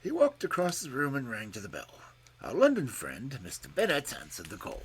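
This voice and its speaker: A man narrating a detective story, expressive and dropping to a hush at tense moments. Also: mid-range voice, normal speed, slightly rough.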